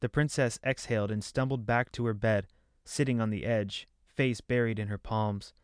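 A man's voice: fairly low pitch, fairly even intonation, normal speed, clear, resonant tone, no echo, studio quality. Man narrating a fantasy story. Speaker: audiobook narrator.

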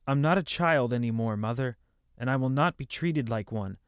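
Male reader playing a distressed young princess, lifted pitch, pleading, dry read. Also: moderate pace, clean tone, dry recording, natural voice. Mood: defiant.

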